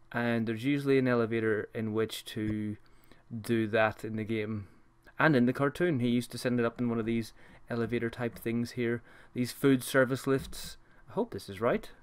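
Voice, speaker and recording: A man's voice: mid-range voice, clear, resonant tone. A young man hosting a let's-play, chatting and reacting aloud to a retro game with self-deprecating humor. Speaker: host of a gaming channel. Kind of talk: casual let's-play commentary.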